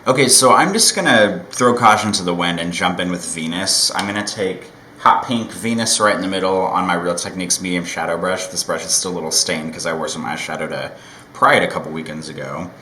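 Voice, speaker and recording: A man with a deep, low voice chats casually through a makeup tutorial, relaxed and rambling, with a self-deprecating streak. He is recorded at home in a roomy, echoey space. A faint noise sits underneath. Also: brisk. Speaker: makeup vlogger.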